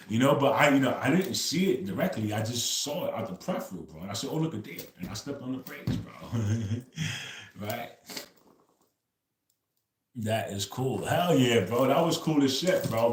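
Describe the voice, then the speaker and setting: Male livestream host, easygoing chatter, ends phrases with "bro", mid-pitched, echoey room. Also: animated, moderate pace, a little hiss or hum. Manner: loose storytelling, says "bro" after nearly every phrase. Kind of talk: casual livestream chat.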